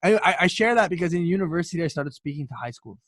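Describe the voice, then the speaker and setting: Canadian guy, twenties, podcast guest. Animated storyteller, repeats words, slightly high voice, dry close sound. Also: fast, no room sound. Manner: animated, repeats words when starting sentences. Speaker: podcast guest, youth speaker. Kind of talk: storytelling in conversation.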